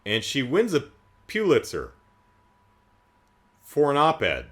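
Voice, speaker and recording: A man's voice: medium pitch, huge pitch swings, slow pace, a bit bright. A man giving a casual, comedic movie recap in a sarcastic, incredulous way, rambling with asides. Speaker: movie reviewer.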